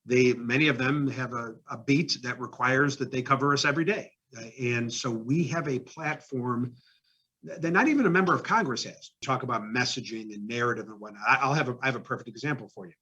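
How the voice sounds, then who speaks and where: Husky-voiced man in a lo-fi podcast interview. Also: medium pitch, fairly quick, pushed and bright. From Ohio. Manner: conversational, many fillers and restarts, emphatic rises. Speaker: mayor. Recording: dull lo-fi podcast audio.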